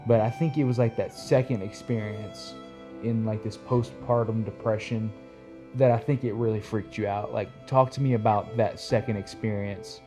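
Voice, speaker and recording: A young man talking earnestly with his wife, halting and full of fillers, in a casual heartfelt couple's chat. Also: on the low side, fairly even intonation, mellow, soft background music. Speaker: husband co-host of couple's channel.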